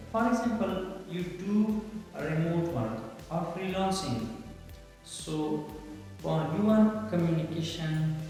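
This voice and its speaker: A man teaching English pronunciation in an online lesson, speaking haltingly and repeating his phrases with frequent pauses. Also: a little high, darkish tone. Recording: very echoey room with long reverb and faint music.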